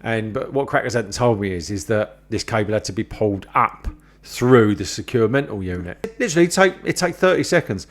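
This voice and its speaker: A man's voice: fairly low pitch, fairly quick. A man telling a long, sweary anecdote in casual chat, acting out the other people in his story. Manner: swearing, animated anecdotes with acted-out quotes. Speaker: podcast host.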